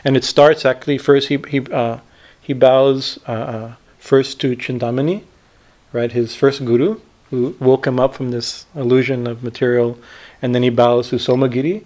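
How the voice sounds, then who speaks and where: A man teaching scripture in a spiritual discourse, retelling a story with many pauses and fillers and checking in with "right?". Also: mid-range voice, steady tone, darkish tone. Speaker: swami teacher.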